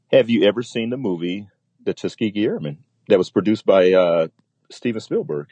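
A man's voice: fairly low pitch, expressive, fairly quick, mellow, dry recording, muffled recording. A man, a military pilot, telling a story in a casual interview and acting out the voices of the people in it.

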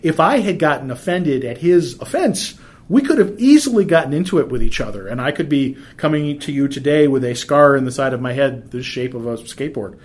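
A man's voice: mid-range voice, animated, a little fast. A middle-aged man giving practical advice in a casual, conversational way, often restarting sentences and using fillers. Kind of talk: casual explanatory talk with anecdotes.

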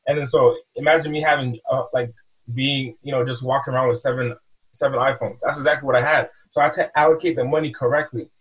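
A man's voice: medium pitch, quick pace, recorded from a distance, poor audio. A man telling a story about selling phones at a mall kiosk, casually, acting out his talks with customers. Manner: animated, acts out customer exchanges, repeats words.

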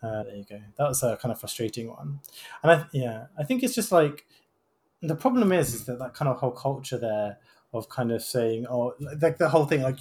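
A man's voice: mid-range voice, expressive, a little fast, darkish tone. Man, podcast host, casual, rambling, tag questions. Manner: rambling, heavy use of "kind of" and tag questions. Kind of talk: casual chat.

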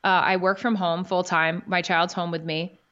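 A woman's voice: on the low side, level tone, normal speed, fairly bright tone. Candid woman telling a heartfelt story. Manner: candid, emotional, swears casually. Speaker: podcast guest. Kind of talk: personal storytelling in conversation. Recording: dull lo-fi audio.

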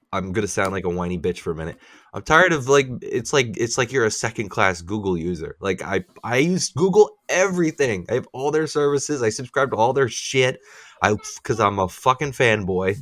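A man with a low-pitched voice holding forth in casual podcast chat. He swears freely and rants with animated frustration. The sound is dry and close, with no room around it. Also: normal speed, no room sound. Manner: profane, ranting, animated complaints. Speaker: podcast co-host.

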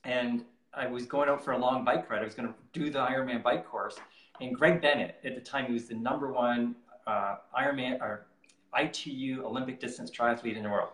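A man's voice: medium pitch, fairly even intonation, fairly quick, a bit bright. A man who works as a triathlon performance coach, talking casually and with energy in an interview and laughing easily. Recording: roomy echo.

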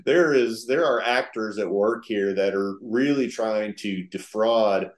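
A man speaking as an interview guest, explaining earnestly and deliberately and often circling back to rephrase. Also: lowish voice. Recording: roomy, echoey sound.

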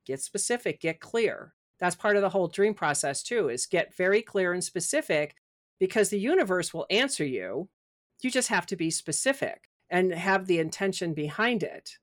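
A woman's voice: lowish voice, animated, moderate pace. A middle-aged woman, a podcast guest and author, talking casually and animatedly about spirit and personal growth, acting out her inner voice. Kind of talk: casual spiritual interview talk.

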